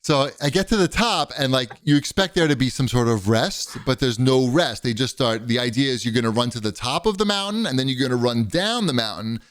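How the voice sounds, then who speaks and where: A man's voice: mid-range voice, fairly quick, few pauses, no room sound, studio quality. Rambling man telling a gym story. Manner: rambling storyteller, animated when quoting others. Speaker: podcast co-host. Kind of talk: casual chat.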